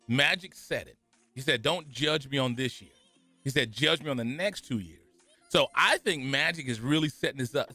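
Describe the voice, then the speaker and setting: A male sports radio co-host from California with a fairly high, bright and forceful voice. He talks in an animated, playful way, his pitch swinging widely. The studio sound is dry, with faint music underneath. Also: dry recording. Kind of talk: casual sports talk radio. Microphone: studio microphone.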